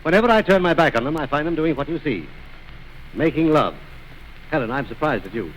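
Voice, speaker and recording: A man's voice: fairly high pitch, lively intonation, fairly quick, pauses often, a little hiss or hum, rough recording. Courtly man introducing a film's cast. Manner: courtly, politely mock-scolding. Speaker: trailer presenter. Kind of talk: formal stage introduction.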